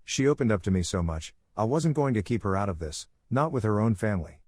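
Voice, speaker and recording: A man reading a first-person story aloud in steady scripted narration. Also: lowish voice, fairly quick, no echo, clean studio sound.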